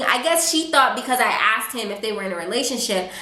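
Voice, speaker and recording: A young woman vlogger telling a casual storytime, chatty and animated, full of fillers and quoted asides. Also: a little high, moderate pace. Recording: echoey room.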